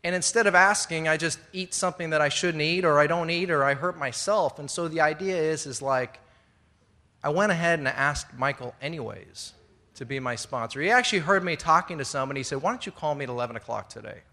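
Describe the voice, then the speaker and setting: A middle-aged man speaks to a room of fellow members with a bright, ringing voice pitched a bit high. He rambles through his story with fillers and false starts. He stays earnest and now and then laughs at himself. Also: brisk. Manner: rambling, conversational, many fillers and restarts. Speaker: speaker sharing at a recovery meeting. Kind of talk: personal recovery share to a live audience. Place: indoor meeting room with an audience.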